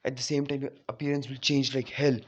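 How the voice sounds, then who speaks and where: A man's voice: mid-range voice, flat delivery, brisk, lo-fi sound, lightly acted. A man speaking the lines of an ancient giant male beast spirit in a casual retelling, barely acted. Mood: matter-of-fact. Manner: plainly told, barely acted.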